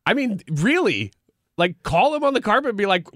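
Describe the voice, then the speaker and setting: A man's voice: sits high, big pitch swings, a little fast, a bit bright, dry recording. A man co-hosting a talk show, chatting casually and dropping dry, wry remarks. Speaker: co-host. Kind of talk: casual chat.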